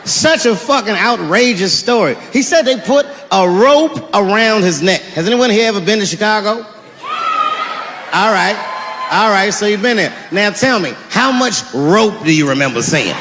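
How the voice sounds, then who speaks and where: Man, stand-up comedian, lively swinging voice, punchy shouting delivery, long hall reverb. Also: sits high, normal speed, noisy background. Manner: animated, shouting punchlines, acting out characters.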